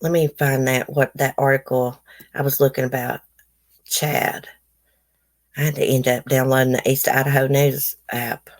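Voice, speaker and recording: Low-voiced woman, blunt livestream chat. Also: level tone, moderate pace. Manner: blunt, opinionated, chatty with viewers. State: toothache, swollen face. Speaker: livestream host. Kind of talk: casual livestream commentary, reading news aloud.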